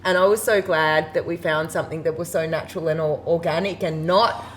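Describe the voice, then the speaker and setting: A woman's voice: sits low, steady tone, fairly quick, a little hiss or hum, rough recording. A woman in her forties, a wedding and funeral celebrant, telling stories in a chatty interview and laughing often. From Australia. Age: 40s. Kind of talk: casual interview chat.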